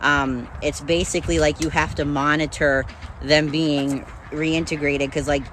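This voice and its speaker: A woman's voice: low-pitched, level tone, measured pace, fairly bright tone, poor audio. A woman chatting casually to the camera as a farm vlogger, full of fillers while she does her chores outdoors. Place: outdoors at a chicken coop. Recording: outdoor noise behind the voice.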